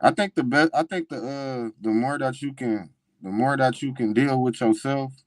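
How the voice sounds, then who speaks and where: A man hosting a casual interview, relaxed and rambling, with frequent affirmations. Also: medium pitch, normal speed, no echo. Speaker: podcast host.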